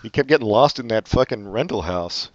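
A man mocking a film in casual chat, sardonic and freely profane. His pitch swings widely as he talks. The recording is dull, dry and close. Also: expressive, a little fast, dry recording.

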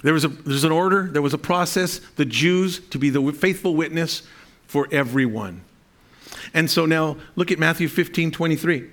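A man preaching a sermon to his congregation, with a voice that sits a little higher than most men's. He reads verses aloud and then unpacks them, often breaking off and restarting a sentence. Now and then he asks the listeners for an amen. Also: moderate pace, fairly bright tone. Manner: speaks to a congregation, asking for amens. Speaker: pastor.

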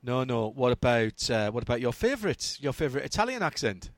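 A man co-hosting a casual motorsport chat, teasing with quick asides and questions. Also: mid-range voice, very animated, no room sound. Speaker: co-host.

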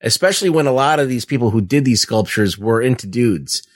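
A man's voice: mid-range voice, expressive, no room sound, clean studio sound. A man co-hosting a podcast, retelling movie scenes casually with many fillers and restarts. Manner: halting, lots of "like" and "uh", laughs. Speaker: podcast co-host.

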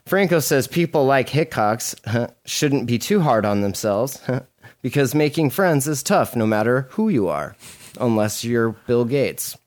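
Guy reading news bits on a podcast, deadpan dirty jokes, middle pitch voice. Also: a little slow. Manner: crude deadpan jokes between read passages. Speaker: podcast co-host. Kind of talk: casual chat, reading articles aloud with jokes.

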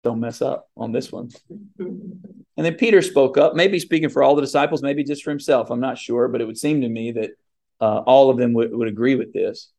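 A man's voice: medium pitch, moderate pace, vocal fry, a little mellow. Earnest man preaching a sermon. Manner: earnest, emphatic, with fillers and restarts.

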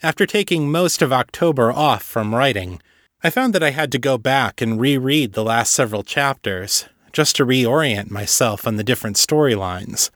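A man narrating his own story as author and podcast host, with steady, plain storytelling. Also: medium pitch, moderate pace, dry recording, studio quality. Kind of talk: audiobook narration.

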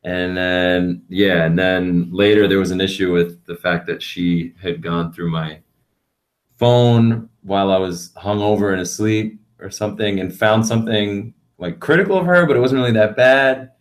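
Young new dude co-hosting a podcast, lowish voice, swears a lot, rambles. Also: male voice, normal speed. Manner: swears freely, rambling storytelling. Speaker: podcast co-host. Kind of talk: casual chat.

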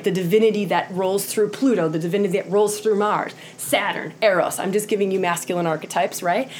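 A woman's voice: medium pitch, slight background noise. A woman teaching tantra to a group in an impassioned way, often checking in with "right?" and acting out quoted voices.

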